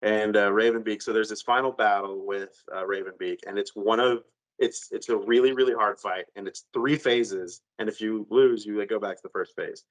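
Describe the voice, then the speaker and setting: A man on a podcast, retelling a video game ending in an animated, rambling way with lots of fillers and some cursing. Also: on the low side, moderate pace, low-quality recording. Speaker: podcast co-host. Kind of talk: casual chat.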